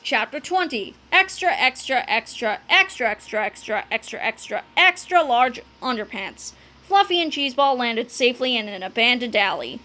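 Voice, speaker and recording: A woman reading a children's book aloud, telling the story with animated delivery and dramatic sound words. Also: fairly high pitch, moderate pace. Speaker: narrator.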